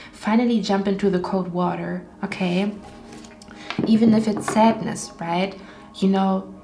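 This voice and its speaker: A woman's voice: mid-range voice, mellow. A woman giving an intuitive tarot reading to her viewers, earnest and repetitive, often checking in with "okay?". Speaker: tarot card reader.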